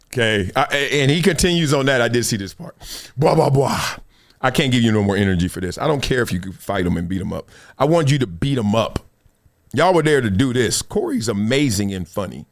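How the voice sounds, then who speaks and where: A man hosting a podcast, giving animated, preachy commentary and acting out little quoted exchanges. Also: mid-range voice, fast talker. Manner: preachy, dramatic, acts out quotes. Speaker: podcast host.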